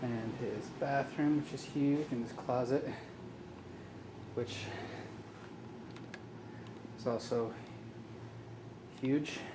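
Young guy, winded from moving, slow offhand walkthrough, noisy camera audio. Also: mid-range voice. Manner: relaxed, offhand touring commentary. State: out of breath. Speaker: vlogger giving an apartment tour. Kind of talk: casual walkthrough narration. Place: new apartment, indoors and outside on stairs. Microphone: handheld camera mic.

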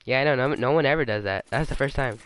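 A man's voice: mid-range voice, quick pace, fairly bright tone, smooth. A young man hosting a casual gaming voice chat, joking, laughing and repeating himself. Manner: repetitive, joking, laughs often. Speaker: gaming channel host.

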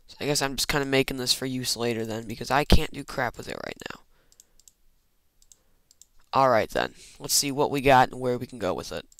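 Fairly quick and lively in intonation, a man with a smooth, slightly bright medium-pitched voice records Minecraft gameplay with no echo. His casual commentary is rambling and self-deprecating, full of muttered asides to himself.

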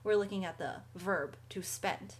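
A woman's voice: on the low side, a little slow. A woman hosting a language lesson, explaining words casually with friendly asides. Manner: chatty, friendly asides, occasional light laughs. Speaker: language teacher and show host. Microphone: studio microphone.

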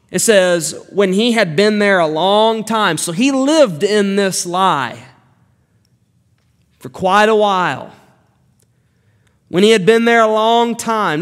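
A man's voice: high-pitched, a bit bright. A male pastor preaching an earnest expository sermon, building up to emphatic rebukes. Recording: long reverb of a church hall.

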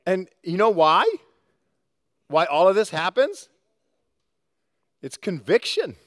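A male pastor preaches with a fairly high voice, swinging between hushed earnest moments and bright, lively asides. He talks to the congregation conversationally, and the sound is dry and close. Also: takes it slowly, no room sound. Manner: animated, conversational, acts out quotes. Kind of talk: sermon. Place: church sanctuary.

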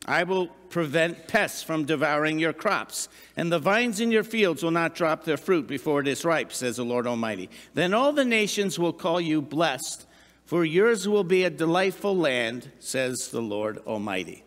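A middle-aged pastor delivers a conversational sermon, asking the congregation questions and slipping in asides. His voice sits high for a man. It rings out with the long reverb of a big church hall. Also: animated, normal speed, a bit bright. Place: church sanctuary.

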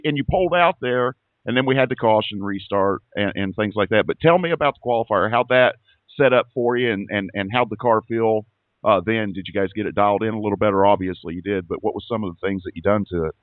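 A man hosts a casual racing interview in a lowish voice, chatty and folksy, often repeating his words. The sound is thin and phone-like, with dry, close audio. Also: no room sound. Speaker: racing show host. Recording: tinny phone-like line.

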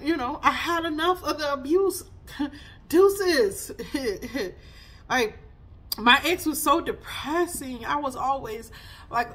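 A woman's voice: sits high, pushed and bright. A woman, giving a chatty spiritual reading full of laughs and sassy asides. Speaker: spiritual reader. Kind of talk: casual spiritual reading vlog.

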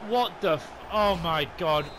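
A young man commentating his football game, swearing and shouting in frustration. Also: on the high side, measured pace, a little hiss or hum. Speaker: gaming YouTuber. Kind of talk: raging gameplay commentary.

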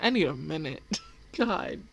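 A woman's voice: deep voice, sing-song, measured pace, gravelly, breathy edge. A young woman hosting an anime reaction video, rambling emotionally in casual commentary, with lots of fillers and some swearing. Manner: rambling and emotional, with many fillers and curse words.

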